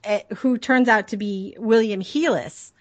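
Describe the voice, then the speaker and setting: A woman's voice: mid-range voice, a little slow, highs cut off. Chatty woman podcast co-host. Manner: chatty, adds historical corrections. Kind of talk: casual movie recap chat.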